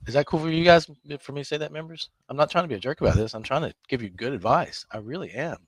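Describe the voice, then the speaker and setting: A man's voice: medium pitch, animated, fast talker, dry recording. Emphatic man hosting a trading stream. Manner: emphatic, scolding, laughs often. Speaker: trading room host. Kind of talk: live trading commentary.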